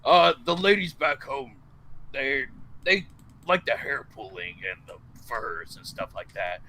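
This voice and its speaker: A man's voice: medium pitch, big pitch swings, measured pace, sharp tone, a little hiss or hum, full character voice, low-quality recording. A man voicing a boastful, crude giant warrior in a tabletop game. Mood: boasting.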